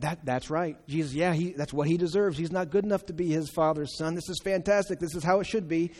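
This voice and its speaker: A man preaching a sermon in an animated, exclaiming way, acting out the voices in his story, in a church hall. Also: fairly high pitch, moderate pace. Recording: long reverb of a large hall.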